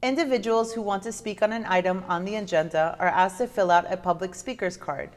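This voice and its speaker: A woman formally reading out the rules of conduct for a city commission meeting, measured and slowing down for code numbers. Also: medium pitch. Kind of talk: formal read-aloud announcement.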